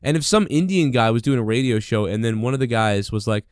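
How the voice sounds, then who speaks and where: A man's voice: mid-range voice, fast talker, few pauses, clean tone, no echo, clean studio sound. A man hosting his own podcast, ranting alone in a rambling, indignant way, with constant fillers and swearing. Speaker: podcast host. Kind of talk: solo rant.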